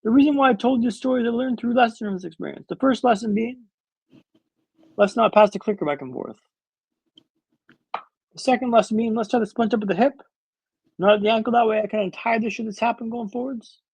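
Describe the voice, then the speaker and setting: A man's voice: extremely high pitch, brisk, pauses often, a little mellow, slightly rough, no echo, poor audio. A man in his thirties telling a story as a podcast guest, dramatic and wry with comic timing. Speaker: guest speaker.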